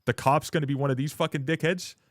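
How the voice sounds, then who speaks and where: A man's voice: a little high, steady tone, fast, no echo, studio quality. Blunt, profane young man ranting on stream. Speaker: livestreamer. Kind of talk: casual live-stream rant to chat.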